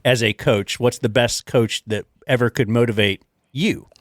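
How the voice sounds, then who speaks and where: A middle-aged talk show host sets up a long, rambling question in casual chat. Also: male voice, medium pitch, normal speed, no room sound, studio quality.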